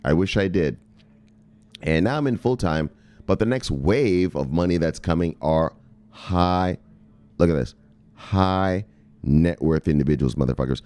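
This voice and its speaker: A man hosting a crypto news channel who reads from articles, stumbles over words, then rambles, swears and pushes harder as he goes, sounding a bit tipsy. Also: low-pitched. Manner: rambling, swearing, pushy, gets louder and more excited. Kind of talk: casual profane market commentary.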